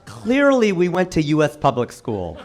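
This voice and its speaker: A man from Ohio doing a stand-up set on stage with punchy, animated delivery. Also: a little high, normal speed, loud music behind the voice. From Cincinnati, Ohio, USA. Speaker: stand-up comedian.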